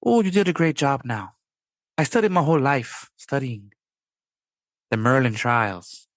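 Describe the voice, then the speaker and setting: A man's voice: mid-range voice, sing-song, unhurried, no room sound, studio quality, pitched above the performer's own voice. A man voicing an earnest female video game scholar, making a clumsy attempt at her accent. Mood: impressed.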